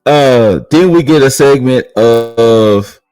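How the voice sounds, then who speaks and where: A man's voice: medium pitch, slow, darkish tone, smooth, dry recording, rough recording. Laid-back male co-host, rambles and restarts, mid-range voice, dry booth sound. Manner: rambling, repeats and restarts phrases. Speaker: podcast co-host recapping wrestling. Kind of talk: casual recap chat.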